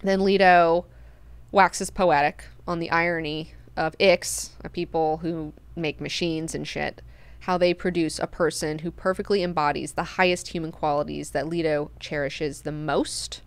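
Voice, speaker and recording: A woman's voice: sits low, measured pace, clear, resonant tone, no room sound. A woman hosting a book club, casually retelling and reacting, with frequent swearing. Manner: profane, animated, chatty retelling.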